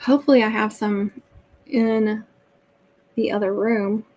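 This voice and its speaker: A woman's voice: mid-range voice, steady tone, a little slow, darkish tone, a little hiss or hum, rough recording. A woman with a Southern American accent, chatting casually to viewers while she crafts on a livestream.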